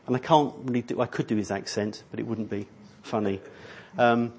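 A man's voice: mid-range voice, steady tone, a little fast, gravelly, darkish tone, breathy edge. A middle-aged man preaching a sermon in a church hall, rambling and conversational, with many restarts. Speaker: pastor.

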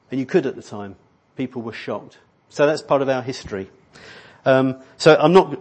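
A man's voice: mid-range voice, darkish tone. A middle-aged man preaching a sermon in a church hall, rambling and conversational, with many restarts. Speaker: pastor.

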